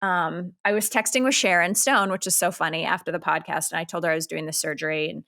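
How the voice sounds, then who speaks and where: A woman's voice: fairly low pitch, steady tone, quick pace, gravelly, pushed and bright. A woman in her thirties with a Canadian accent, co-hosting a podcast in a candid, rambling casual chat full of filler words. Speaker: podcast co-host.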